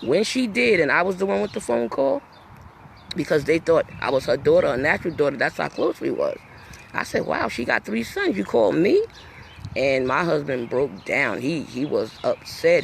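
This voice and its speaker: A woman's voice: low-pitched, gravelly, slight background noise. A middle-aged woman hosting her own show, talking in a rambling, emphatic, folksy way in a casual vlog. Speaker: talk show host.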